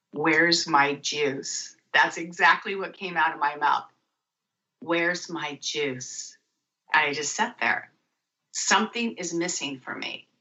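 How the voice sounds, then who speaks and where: A woman guest on a radio talk show, telling a lively personal story and acting out the dialogue in it. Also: low-pitched. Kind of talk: storytelling interview. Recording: muffled lo-fi radio audio.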